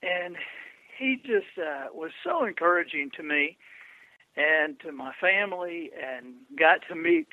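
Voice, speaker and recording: A man tells stories as an interview guest, tripping into restarts as he goes. His voice sits high and comes through a tinny, phone-like line. The sound is dry and close. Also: a little slow, creaky, dry recording. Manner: animated anecdotes with stammering restarts. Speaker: guest, public speaker. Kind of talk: storytelling interview.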